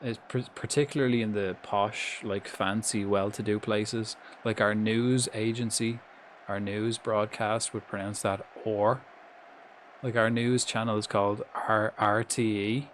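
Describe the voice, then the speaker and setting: A man's voice: lowish voice, flat delivery, unhurried, slight background noise. A young Irish man chatting casually on his live stream, swearing freely and coaching viewers through pronunciations. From Ireland.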